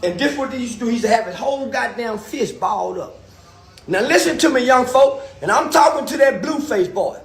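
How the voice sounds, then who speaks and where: A man telling profane stories in an animated, ranting monologue with loud outbursts. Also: extremely high pitch, fairly quick, roomy sound. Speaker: commentator.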